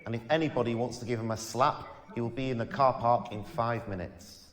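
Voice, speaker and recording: A man's voice: medium pitch, steady tone, brisk, fairly bright tone, echoey room, in a large hall. A man announcing from a comedy stage in a dry, sarcastic manner. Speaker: comedy club compere.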